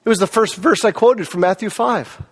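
A man with a fairly high voice delivers a sermon as a pastor. He talks in an easy, conversational way and keeps asking rhetorical questions. His delivery swings between louder, lifted passages and quieter, lower ones. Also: normal speed, husky.

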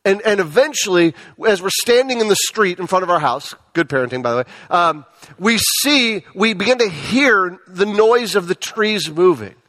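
A man, perhaps in his thirties, preaches a sermon as a pastor, frequently stumbling over and repeating words. His voice is high and animated with a sharp tone, and he speaks at a normal speed.

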